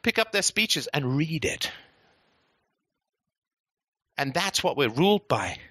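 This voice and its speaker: A man gives an impassioned, profane monologue as a show host. His voice is bright and sharp, a little high, and it swings widely in pitch. Recorded dry and close. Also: very animated, slow pace, no echo. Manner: profane, sarcastic ranting.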